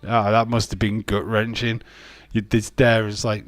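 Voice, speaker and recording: A man's voice: fairly low pitch, flat delivery, moderate pace, dry recording. A man casually commentating a wrestling watch-along, rambling, joking and reading out chat messages. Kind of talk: casual live-stream commentary.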